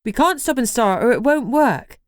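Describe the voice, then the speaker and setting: A woman voicing a brisk, no-nonsense young witch who speaks curtly, in an audiobook reading. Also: fairly high pitch, expressive, no echo, studio quality, pitched above the performer's own voice, lightly acted. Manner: curt and brisk.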